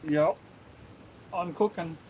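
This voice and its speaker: A man's voice: a little high, slow, darkish tone, muffled recording, slight background noise. A man from Canada chatting casually on a live stream while he cooks, laughing often and greeting viewers by name.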